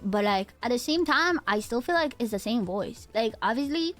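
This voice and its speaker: A young woman in her twenties with a fairly high, nasal voice, chatting loosely with her stream audience. She talks straight to her chat, sliding between a tired, laid-back tone and bursts of energy. Faint music plays under her speech. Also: animated, moderate pace, dry recording. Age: 20s. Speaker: VTuber streamer. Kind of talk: casual live-stream chat.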